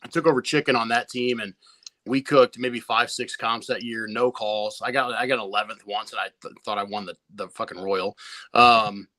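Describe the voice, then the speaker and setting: A man with a bright, forceful voice recounts his competition barbecue past in an easygoing guest interview. He talks loosely and profanely, circling back and restarting his sentences. The sound is close and dry, with no room echo. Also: lowish voice, fairly even intonation, moderate pace. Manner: laid-back, swears freely, many restarts. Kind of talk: casual storytelling interview.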